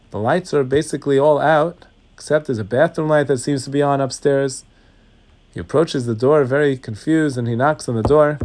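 Storytelling male rabbi, slightly high voice. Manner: storytelling, acts out voices, drops to hushed tones. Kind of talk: sermon with parable.

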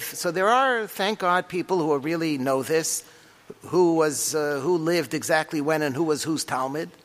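A man teaching a Talmud class with animated delivery and frequent rhetorical questions. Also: fairly high pitch. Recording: long hall reverb.

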